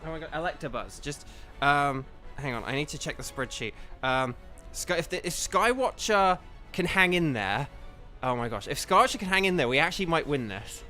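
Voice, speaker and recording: Excitable, flustered man streaming a game. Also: fairly high pitch, moderate pace. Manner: excitable, flustered, rambling with many fillers. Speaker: streamer and voice actor. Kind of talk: live game stream chat. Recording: faint game music behind.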